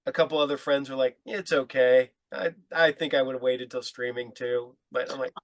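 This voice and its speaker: A man's voice: medium pitch, level tone, normal speed, dry recording. A man guesting on a podcast, telling stories in a laid-back, rambling way and laughing often. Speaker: podcast guest, mask maker. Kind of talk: casual chat. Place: podcast studio.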